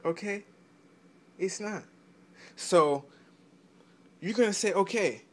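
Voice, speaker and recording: A man ranting in a profane vlog, stammering through restarts and swinging into loud outbursts. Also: a little high, moderate pace. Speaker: vlogger giving selling advice.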